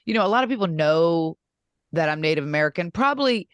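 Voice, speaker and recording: Middle-aged woman co-host, earnest rambling talker, smooth resonant voice, dry close sound. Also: sits low, fast, dry recording, lo-fi sound. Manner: earnest, rambling with many fillers. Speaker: co-host and wrestling champion. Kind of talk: casual podcast chat.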